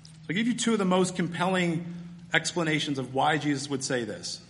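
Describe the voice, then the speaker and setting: A man preaching a sermon, teaching through a scripture passage step by step in a relaxed, conversational way. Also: fairly high pitch, fairly quick, slight background noise. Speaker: pastor.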